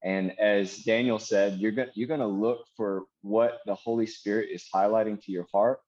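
A man teaching how to pray through scripture, reading verses slowly and turning them into earnest prayer. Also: on the low side, steady tone, darkish tone, muffled recording. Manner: earnest, slows to read verses aloud as prayer. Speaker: minister.

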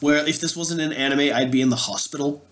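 A man's voice: on the high side, fairly even intonation, brisk, a bit bright, a little hiss or hum. Blunt, opinionated man chatting. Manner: opinionated, blunt, swears freely. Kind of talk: casual chat.

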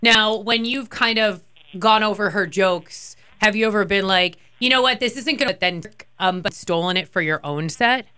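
A woman's voice: mid-range voice, normal speed, pushed and bright, clear, resonant tone. A woman co-hosting a radio interview, asking questions in a playful, chatty way. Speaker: radio co-host.

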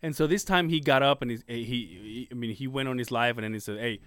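A man's voice: mid-range voice, quick pace, a bit bright, smooth, no echo. A man co-hosting a casual podcast, telling jokes in a rambling, profane way with many restarts. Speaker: podcast co-host.

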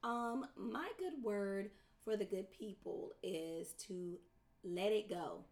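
A woman's voice: mid-range voice, slow pace, a little mellow. Sassy playful woman podcast co-host. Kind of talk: casual podcast chat.

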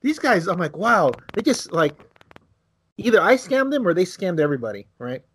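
Animated man telling a story. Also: normal speed, slightly rough. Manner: animated, acts out quotes with big pitch jumps; swears freely. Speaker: podcast co-host. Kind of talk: casual storytelling chat.

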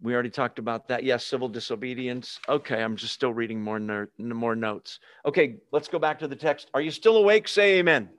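With a mid-range, slightly bright voice, this pastor talks a little fast and rarely pauses. He teaches his sermon conversationally, drawing the congregation into call and response with questions, in clean studio audio without room sound.

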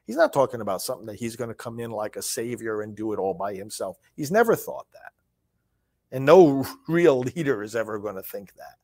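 A man's voice: mid-range voice, very animated, vocal fry. A man hosting a solo political commentary show, reading from a speech and discussing it emphatically, often repeating words and restarting phrases. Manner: reads quoted lines slowly and forcefully.

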